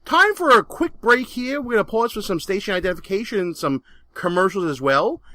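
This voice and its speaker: A man's voice: high-pitched, lively intonation, brisk, sharp tone, dry recording. A man with a Brooklyn accent hosting a political talk radio show, brash and jokey as he plugs the show.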